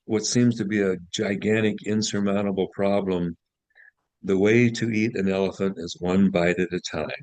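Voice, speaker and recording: An older man in his sixties with a low, deep voice, recorded dry and close. He tells homespun stories and pokes fun at himself, often stumbling and starting his sentences over. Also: fairly even intonation, moderate pace, a little mellow, no room sound, rough recording. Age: 60s. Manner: folksy storyteller, self-deprecating humor, stumbles and restarts. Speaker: guest author. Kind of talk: casual interview chat.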